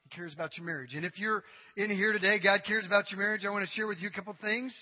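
A male pastor preaching a sermon to his congregation, dramatic and humorous, swinging from loud cries to quiet asides. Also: high voice, steady tone, very fast. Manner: humorous, addresses the congregation directly. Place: church sanctuary. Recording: dull recording with long hall reverb.

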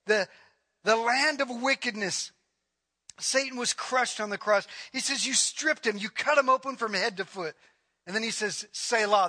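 High, bright-voiced male preacher. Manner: emphatic preaching, swinging between loud and hushed. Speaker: pastor. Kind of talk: sermon.

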